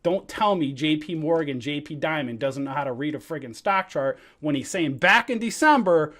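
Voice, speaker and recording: A man who teaches stock trading, ranting heatedly about his brokerage, swearing, with loud outbursts and muttered asides. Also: on the high side, lively intonation, moderate pace. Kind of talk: angry livestream rant.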